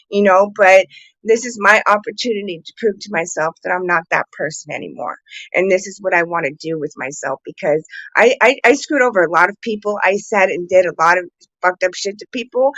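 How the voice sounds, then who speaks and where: A woman's voice: medium pitch, fairly bright tone, dry recording, highs cut off. A woman calling in as a guest on a live show, speaking bluntly and frankly and swearing freely. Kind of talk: candid live call-in conversation.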